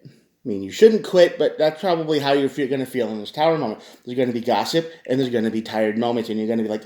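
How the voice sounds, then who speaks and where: A man's voice: mid-range voice, fast talker, a little mellow. Tarot reader, male, mid-range voice, chatty and direct, echoey room. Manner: conversational, addresses viewers directly, frequent restarts. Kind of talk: casual spoken tarot reading.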